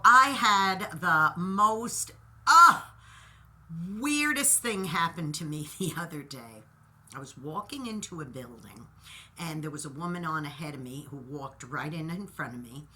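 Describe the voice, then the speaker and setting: A woman's voice: deep voice, pushed and bright. A middle-aged woman hosting her own show, telling a casual story and talking to her listeners as boys and girls. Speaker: host.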